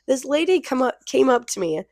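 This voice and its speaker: A woman's voice: sits high, big pitch swings, fairly quick, a little mellow, dry recording, clean studio sound. A woman co-hosting a casual podcast, telling exasperated stories about customers from her work as a grocery crew member. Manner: storytelling with exasperated retellings of customers. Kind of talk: casual chat.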